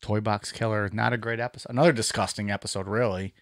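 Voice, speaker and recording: A man's voice: lowish voice, steady tone, fast, dry recording, studio quality. Blunt, profane male podcast co-host. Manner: blunt, profane, laid-back. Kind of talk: casual podcast chat.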